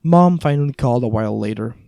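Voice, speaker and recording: A man's voice: medium pitch, animated, fast, vocal fry, warm tone, no room sound. A man reading a first-person audiobook in a wry, conversational way. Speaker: audiobook narrator.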